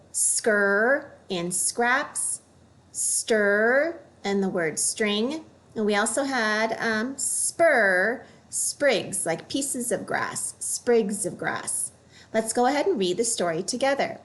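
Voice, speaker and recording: A woman teaching a reading lesson for young children, speaking at an unhurried pace. Her voice sits at a medium pitch, and she models each word carefully and clearly. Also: animated, a bit bright.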